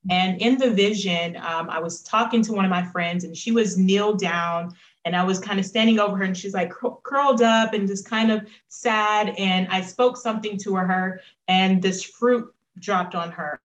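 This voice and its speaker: A woman's voice: mid-range voice, moderate pace, reverberant, poor audio. Earnest woman telling her story. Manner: earnest, reflective, animated when quoting. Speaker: guest. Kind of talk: personal storytelling interview.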